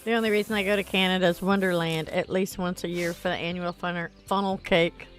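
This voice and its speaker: A woman's voice: on the low side, steady tone, a little fast, faint music behind. A tired woman streaming a game, chatting casually and reading viewer comments aloud. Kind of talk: casual gameplay stream chat.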